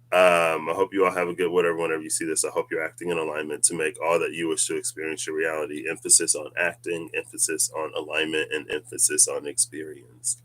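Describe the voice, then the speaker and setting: Deep-voiced man musing on spirituality. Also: little pitch movement, a little fast, a bit bright. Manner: rambling, musing, laughs often. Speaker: tarot reader. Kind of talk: casual spiritual reading vlog.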